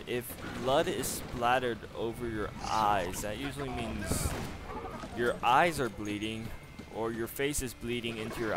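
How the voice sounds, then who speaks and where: Sarcastic man ranting over gameplay. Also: medium pitch. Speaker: gamer commentator. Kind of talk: profane gameplay commentary. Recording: game audio noise behind.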